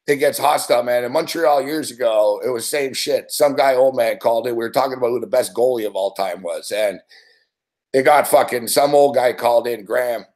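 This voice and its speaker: A man's voice: medium pitch, fairly quick, a little mellow. A man hosting a late-night sports talk stream, ranting in a rambling, profane way and reading out chat between laughs. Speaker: sports talk show host.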